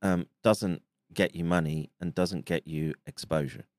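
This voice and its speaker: Brief: deep-voiced male commentator, halting delivery, dry close sound. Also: no room sound. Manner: halting, with fillers and restarts. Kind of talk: monologue commentary.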